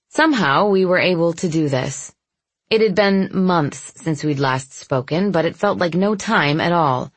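Husky low-voiced woman narrating softly. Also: animated, no room sound. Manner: soft, intimate, measured. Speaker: audiobook narrator. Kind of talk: first-person audiobook narration.

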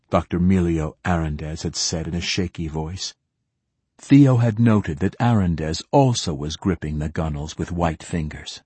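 A man reading an audiobook in a measured, even narration, close to the mic. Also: low-pitched, husky, no echo.

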